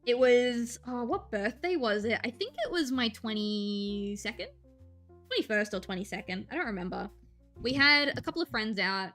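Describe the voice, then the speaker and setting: A woman's voice: a little high, animated, normal speed, a bit bright, faint music behind. A woman in her twenties, a streamer, casually telling a story while drawing, laughing often and slipping into quoted voices.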